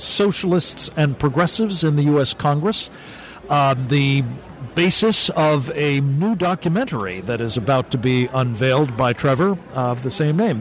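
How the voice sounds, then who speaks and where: Measured talk-radio host, higher voice. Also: male voice. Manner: deliberate, with frequent uh pauses. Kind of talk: radio interview. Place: radio row at a political convention.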